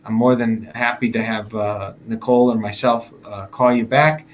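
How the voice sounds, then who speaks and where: A man's voice: mid-range voice, fairly even intonation, moderate pace, slight background noise. Chatty man giving casual market commentary. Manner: chatty, laughs while acting out investors' thoughts. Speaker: financial advisor hosting a market video.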